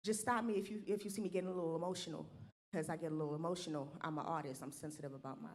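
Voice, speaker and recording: A woman's voice: low voice, fairly even intonation, very fast. A woman joking around in comedic banter, playful and exaggerated.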